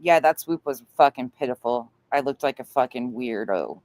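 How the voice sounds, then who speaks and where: Low-voiced, blunt, profane woman host. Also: expressive, moderate pace, a little mellow, slight background noise. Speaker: commentary channel host. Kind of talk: reaction commentary on a played clip.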